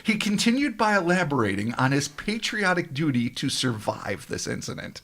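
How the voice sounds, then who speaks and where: A podcast co-host reading a strange encounter aloud, mock-dramatic and wry, with profane asides. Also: male voice, a little high, very animated, normal speed, few pauses, a bit bright. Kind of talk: reading a paranormal story with sarcastic asides.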